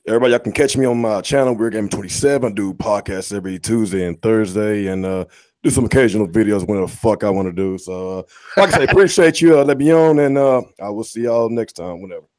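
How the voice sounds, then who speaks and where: A man's voice: fairly low pitch, lively intonation, quick pace, a little mellow, dry recording. A man on a gaming podcast panel, casually plugging his channel.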